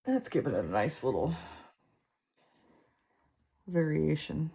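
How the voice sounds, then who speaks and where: A woman with a low voice guides a relaxed draw-with-me lesson. Her tone has a gravelly fry, and she talks unhurriedly, full of fillers and half-finished thoughts. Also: slow pace. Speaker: art tutor.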